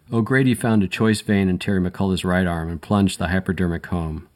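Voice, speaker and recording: A man reads a first-person crime story aloud in a very deep voice. His delivery is measured and matter-of-fact, with a dry edge throughout. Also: a little mellow. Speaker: audiobook narrator.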